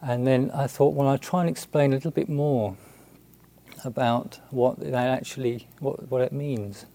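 Man, buddhist monk, gravelly voice, halting storytelling, frequent fillers. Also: medium pitch, steady tone, mellow. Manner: halting, hesitant, many restarts and fillers. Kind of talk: storytelling talk.

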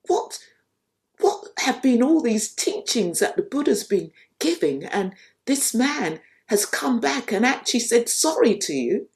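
A soft-spoken woman giving a reflective spiritual talk, telling a teaching story unhurriedly and repeating phrases for emphasis. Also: on the high side, very animated, unhurried.

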